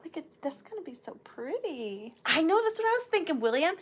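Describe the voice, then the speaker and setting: A woman's voice: high-pitched, very animated, a little fast. A woman hosting a live sale stream, chatting casually and playfully with viewers.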